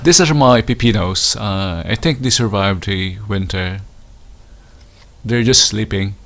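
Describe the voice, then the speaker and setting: Strolling outdoors, a Filipino man gives a relaxed tour of his winter garden, speaking slowly and hesitantly with frequent fillers and restarts. His voice is lowish and a bit bright.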